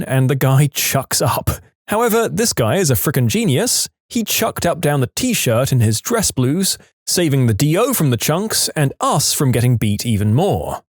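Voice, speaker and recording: A man narrating reddit stories aloud in a lively storytelling manner, with brief voiced quotes. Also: on the high side, no room sound, studio quality.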